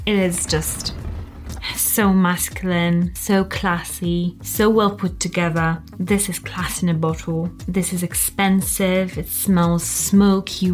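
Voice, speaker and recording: A young woman doing a casual countdown review of fragrances, talking in a gushing, enthusiastic way with lots of fillers. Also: fairly low pitch.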